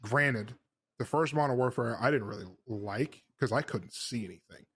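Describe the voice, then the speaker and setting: A man's voice: mid-range voice, moderate pace, fairly bright tone, breathy edge, no echo, clean studio sound. A man hosting a casual gaming podcast, rambling and laughing at himself. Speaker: podcast host. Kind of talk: casual chat.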